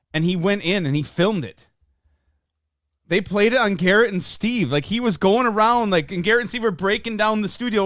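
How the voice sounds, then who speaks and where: A man who is a show regular, explaining in a quick, matter-of-fact way. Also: high voice, dry recording, studio quality.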